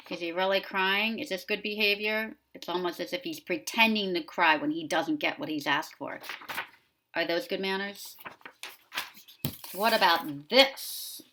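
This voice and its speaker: A woman preschool teacher discussing a picture book with young children, asking them gentle questions. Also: on the low side, a little slow, slight background noise.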